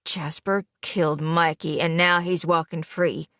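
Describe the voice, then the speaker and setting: A woman voicing a young man who is a cold and angry fiancé, speaking curtly in a low voice in an audiobook. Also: flat delivery, unhurried, a bit bright, no room sound, studio quality. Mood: cold, bitter. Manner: curt, bitter, low-voiced. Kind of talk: audiobook character voice.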